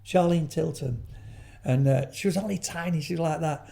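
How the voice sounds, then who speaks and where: An older man chats as an interview guest, his voice mellow and warm. He wanders through anecdotes, restarting sentences and adding asides as he goes. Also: a little high, moderate pace, vocal fry. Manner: rambling storyteller, frequent restarts and trailing asides. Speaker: guest, veteran comedian.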